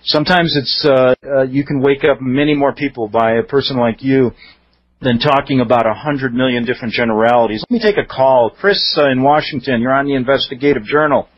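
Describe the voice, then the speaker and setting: A man's voice: mid-range voice, a little fast, no echo, lo-fi sound. A man hosting a radio call-in show, asking questions in a plain, conversational way. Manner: plain, conversational, short prompts. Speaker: radio talk show host.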